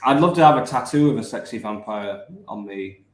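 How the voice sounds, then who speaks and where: A man's voice: lowish voice, brisk. A man co-hosting a casual live chat show, telling rambling stories and correcting himself mid-sentence. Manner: rambling anecdotes with self-corrections. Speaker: podcast co-host. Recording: roomy echoey room.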